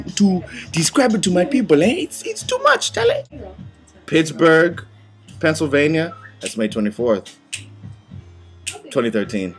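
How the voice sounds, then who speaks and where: High, lively hype man joking around. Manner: hyped, joking, repeated shouted "Don't sleep!"; laughs between lines, playful slang. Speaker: comedic tour announcer. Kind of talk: jokey hype announcement.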